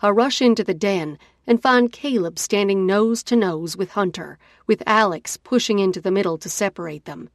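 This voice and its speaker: A woman narrating a first-person romance audiobook in an expressive, dramatic way. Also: medium pitch, normal speed, hardly any pauses, no room sound, clean studio sound.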